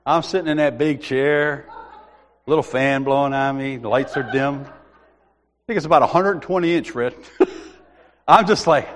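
A man's voice: mid-range voice, measured pace, long pauses, fairly bright tone, slight background noise. A man preaching a sermon, telling a comic personal story, acting out other people's voices and laughing often.

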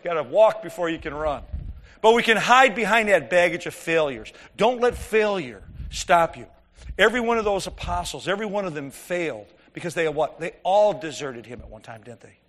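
A man's voice: high-pitched, expressive, a little fast, a bit bright, long reverb tail. A man preaching a conversational sermon, telling stories and asking the congregation rhetorical questions.

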